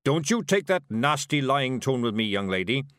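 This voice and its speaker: A man performs a pompous male dwarf who runs a magic shop, raised and blustering in a storybook reading. His voice sits higher and louder than the reader's own, sharp with indignation. The sound is close and dry. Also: animated, measured pace, no room sound, natural voice. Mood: indignant.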